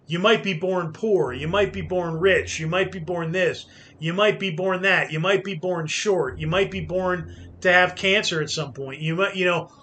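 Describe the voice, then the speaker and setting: A man's voice: sits high, pushed and bright. A man hosting a gaming channel, talking casually and philosophically in rambling anecdotes over gameplay.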